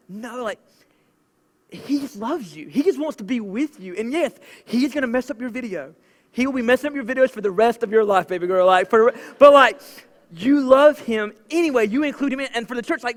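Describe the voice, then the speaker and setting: High-voiced Southern pastor, chatty sermon. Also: male voice. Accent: Southern American. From American South. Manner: casual, chatty preaching with many "like" fillers. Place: church auditorium. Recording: long church hall reverb.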